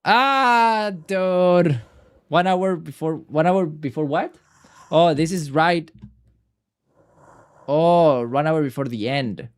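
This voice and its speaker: A man streaming a video game live, reacting excitably and swearing at what happens on screen. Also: fairly high pitch, takes it slowly, long pauses, smooth. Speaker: gaming streamer. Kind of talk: live gameplay commentary.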